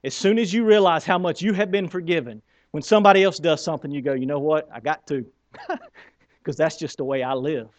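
A man preaching a sermon in a conversational, emphatic way, who stutters and repeats words when he gets excited. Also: fairly high pitch, brisk, dry recording. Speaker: pastor.

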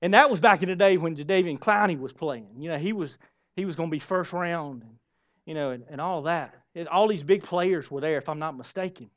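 A man's voice: fairly high pitch, brisk, fairly bright tone. A man preaching a sermon, emphatic and storytelling, repeating phrases for effect. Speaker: pastor. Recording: dull lo-fi sermon recording.

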